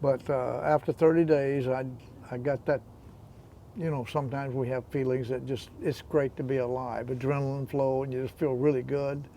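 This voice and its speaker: A man's voice: mid-range voice, flat delivery, moderate pace, mellow, slight background noise. A man in his eighties, a veteran paddler and interview guest, telling stories in casual chat with a teasing manner and frequent laughter. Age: 80s. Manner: teasing storyteller, laughs often.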